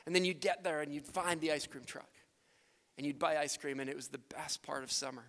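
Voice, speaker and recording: A man's voice: fairly high pitch, fairly even intonation, fairly quick, vocal fry, a bit bright. Canadian-raised male missionary preaching, earnest and emphatic, in a reverberant church hall. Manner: earnest, builds to emphatic peaks. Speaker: missionary speaker. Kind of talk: sermon with closing prayer. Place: church sanctuary.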